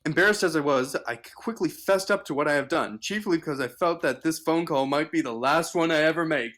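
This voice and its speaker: A man's voice: on the high side, a little fast, fairly bright tone. A man reading an article aloud on a casual livestream, stumbling with fillers and restarts.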